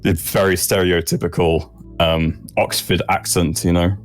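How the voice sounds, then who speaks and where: A man's voice: low voice, little pitch movement, measured pace, soft background music. A man from the southeast of England with a Southern English accent, a player chatting casually and apologetically about the game. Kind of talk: casual chat between game sessions.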